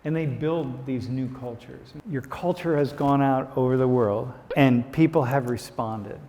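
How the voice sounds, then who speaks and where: A man's voice: mid-range voice, measured pace, warm tone. A man, a visiting professor, leading a discussion with students in a lecture hall and often restarting his sentences. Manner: rambling, restarts mid-sentence.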